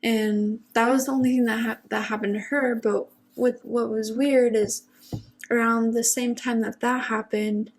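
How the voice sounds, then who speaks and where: Young woman, casual storyteller, slightly high, flat delivery, halting and uneasy. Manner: halting, hushed, unsettled retelling.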